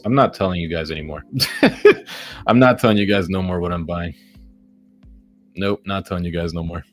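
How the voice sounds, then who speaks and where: A man giving live commentary on his day trades, ranting at the market with heavy profanity and sarcastic self-mockery. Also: deep voice.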